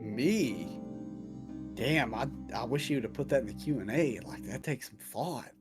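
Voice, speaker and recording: A man's voice: mid-range voice, expressive, normal speed, over loud music. A man acting as dungeon master, casually answering viewer questions with jokes and swearing. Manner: casual and profane, joking. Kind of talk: casual chat.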